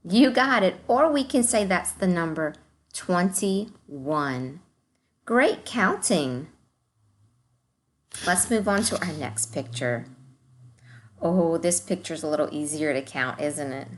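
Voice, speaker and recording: A woman teacher giving a recorded math lesson to young children, slow and encouraging, speaking straight to the kids. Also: on the low side.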